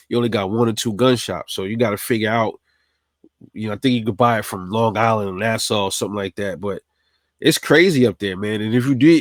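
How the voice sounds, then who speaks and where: A man's voice: medium pitch, no echo, studio quality. A man from New City, telling a personal story in a casual, streetwise, profane way. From New York City. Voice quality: streetwise, profane, animated retelling.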